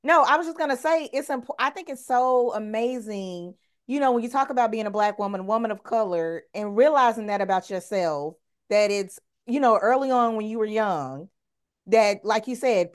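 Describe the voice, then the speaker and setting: A woman's voice: mid-range voice, lively intonation, moderate pace. A woman hosting a podcast, chatting casually and affirming her guest. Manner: supportive, brief affirmations. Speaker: podcast host. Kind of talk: casual interview chat.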